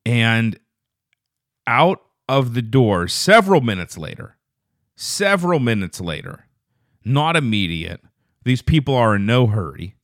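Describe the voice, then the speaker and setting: A man hosting a casual solo podcast, telling a rambling, profane story that turns loud and quick when he gets indignant. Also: medium pitch, big pitch swings, dry recording, clean studio sound. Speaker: podcast host.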